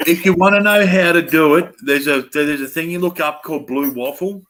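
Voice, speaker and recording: A man's voice: fairly high pitch, fairly quick, fairly bright tone, poor audio. A man calling into a livestream, making dry teasing jokes. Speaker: stream caller.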